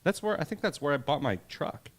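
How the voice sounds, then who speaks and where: A man's voice: fairly high pitch, lively intonation, fairly quick. A man co-hosting a casual podcast, rambling and reading facts aloud with laughs. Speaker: podcast co-host. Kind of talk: casual chat.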